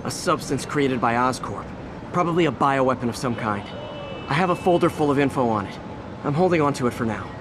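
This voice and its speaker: A man's voice: medium pitch, lively intonation, a little fast, noisy background, natural voice. An actor playing a friendly, earnest young male hero who talks in an upbeat, chatty way.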